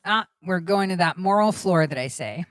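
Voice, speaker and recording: A woman's voice: lowish voice, expressive, normal speed, a bit bright, no room sound. Woman host talking earnestly, lots of um and you know, dry sound. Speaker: talk show host. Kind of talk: political talk show conversation.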